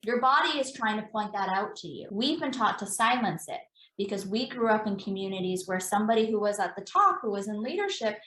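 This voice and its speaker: A woman's voice: mid-range voice, expressive, a little fast, a bit bright, echoey room, low-quality recording. A woman, an embodiment practitioner, explaining in an earnest, conversational interview, repeating phrases for emphasis.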